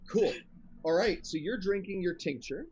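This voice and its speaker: A man's voice: sits high, expressive, normal speed, a little mellow, muffled recording, slight background noise. Playful man running a tabletop game. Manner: playful, laughs often. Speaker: game master.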